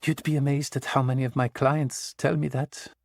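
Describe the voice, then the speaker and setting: A man playing a disarming female psychologist in her late thirties, brisk and smooth. The voice is lifted high over a gravelly base, in a dry, close audiobook read. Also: little pitch movement, a little mellow, no echo.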